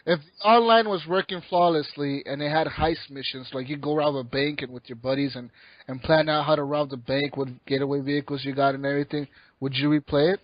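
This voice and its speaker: A man's voice: on the high side, a little fast, dry recording. A man co-hosting a casual gaming podcast, brash and swearing as he argues. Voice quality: brash, swearing, animated arguing. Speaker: podcast co-host. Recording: dull lo-fi dry sound.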